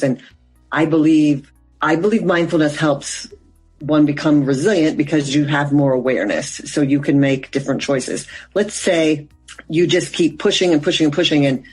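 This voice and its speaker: A woman mindfulness coach answers interview questions in a husky, slightly breathy voice. She explains earnestly and loosely, trailing into fillers as she thinks aloud, while faint music sits underneath. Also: sits low, a little mellow, poor audio.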